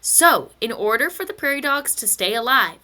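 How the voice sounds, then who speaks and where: A woman's voice: high-pitched, animated, normal speed, sharp tone. A woman teaching a recorded physics lesson, chatty and playful, slipping into silly stories and asides.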